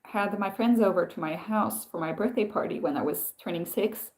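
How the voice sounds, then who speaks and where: On a casual live stream, a woman talks at normal speed in a darkish, medium-pitched voice, responding to viewer comments. She tells stories in a rambling, self-interrupting way with many restarts.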